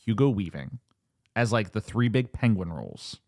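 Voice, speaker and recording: A man co-hosting a podcast in casual chat, jokey and quick to act out quotes. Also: lowish voice. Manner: animated, jokey, acts out quotes. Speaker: podcast co-host.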